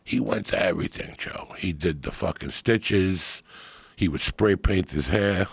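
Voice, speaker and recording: A middle-aged man with a very deep voice spins profane stories in casual chat. His voice is gravelly and husky. The room sounds dry and close. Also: a little slow, no echo. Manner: profane, animated storyteller.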